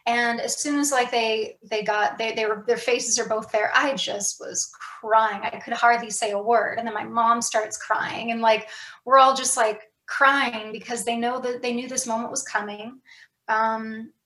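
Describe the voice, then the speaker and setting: A woman's voice: a little high, steady tone, measured pace, pushed and bright, echoey room, low-quality recording. A woman talking candidly and reflectively as an author guest in a casual podcast conversation, with many fillers and restarts.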